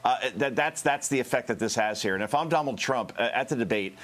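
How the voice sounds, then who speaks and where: A man speaking as a panelist on a cable news show, earnest and emphatic, with some halting restarts. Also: medium pitch, a bit bright.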